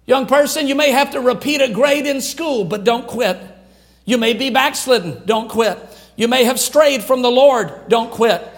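A man's voice: very high-pitched, normal speed. An older man from Louisiana preaching a sermon in an emphatic, repetitive cadence. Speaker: pastor.

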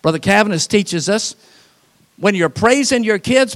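A man preaching a sermon, telling folksy, humorous stories and laughing at them, swinging from animated to quiet and soft for emphasis. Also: high-pitched, a little slow. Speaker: pastor.

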